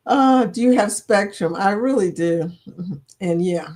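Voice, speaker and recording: Hosting a laid-back livestream, a woman with a mid-range, darkish voice talks a little slowly and laughs a lot. She's chatty and calls her viewers "y'all."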